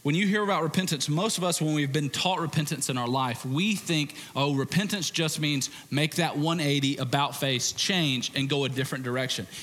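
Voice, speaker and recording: A male pastor preaching an animated sermon, acting out quoted voices and swinging between loud and hushed passages. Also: a little high, a little fast, hardly any pauses, long reverb tail.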